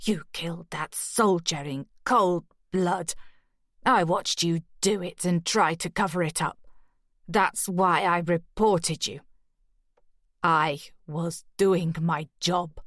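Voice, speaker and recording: A woman voicing a hoarse, anguished woman with a strained voice. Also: on the low side, slow, a bit bright, no room sound, studio quality. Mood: strained urgency.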